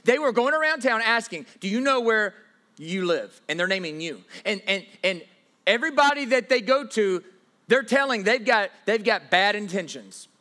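A man preaching with a high, bright voice that leaps up and down in pitch. He drives his points hard, dropping to a hush and then rising loud again. He often stumbles into repeated words as he restarts his sentences. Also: expressive, moderate pace. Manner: emphatic, dramatic swings from loud to hushed; repeats himself and stammers on restarts. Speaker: pastor. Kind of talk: sermon.

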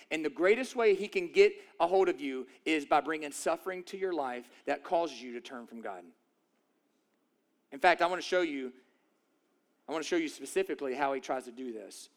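Male pastor, higher-pitched voice, emphatic preaching with rhetorical questions. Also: a bit bright. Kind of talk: sermon.

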